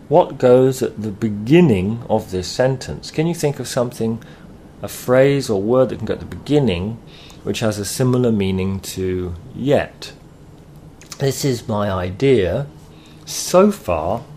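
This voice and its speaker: Man, low voice, grammar teacher, patient, pausing to think. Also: darkish tone, slight background noise. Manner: slow, patient explaining with thoughtful pauses. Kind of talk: recorded grammar lesson.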